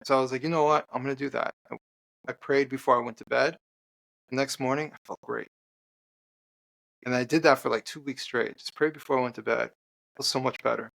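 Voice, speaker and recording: A man, a podcast guest and author, telling an earnest personal story in conversation, halting with restarts and fillers. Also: medium pitch, fairly even intonation, vocal fry, fairly bright tone.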